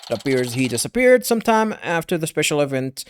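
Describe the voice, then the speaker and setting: A man voicing a formal male TV news anchor, reading the bulletin with stumbles and a lively pitch. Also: fast, a little hiss or hum. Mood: newsy.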